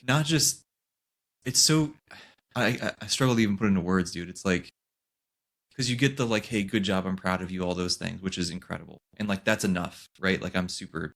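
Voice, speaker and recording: Low gravelly man, earnest and halting. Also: a bit bright. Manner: earnest, halting, searches for words. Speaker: podcast co-host. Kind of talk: casual chat.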